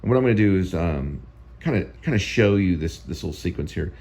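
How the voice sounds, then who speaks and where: A man's voice: deep voice, lively intonation, fairly quick, creaky, darkish tone. A male host giving casual, rambling film commentary that often repeats itself.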